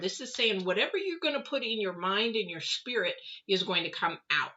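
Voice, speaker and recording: A woman's voice: mid-range voice, pushed and bright, highs cut off. A middle-aged woman giving a casual live tarot reading, chatty and rambling with self-deprecating asides. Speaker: tarot reader.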